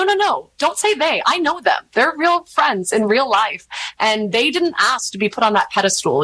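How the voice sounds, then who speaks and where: Woman, 30s, interview guest, rambling, animated, candid storytelling. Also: medium pitch, rough recording. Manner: rambling, animated, acts out quoted voices. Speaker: podcast host, interview guest.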